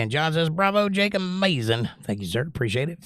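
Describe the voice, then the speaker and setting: An older man hosts a casual music livestream and reads his viewers' comments aloud, joking as he goes. His voice sits a little high and swings widely in pitch. The sound is close and dry, with a guitar heard behind him. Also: brisk, hardly any pauses, dry recording. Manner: animated, reads chat aloud and jokes. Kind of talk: casual chat reading live comments.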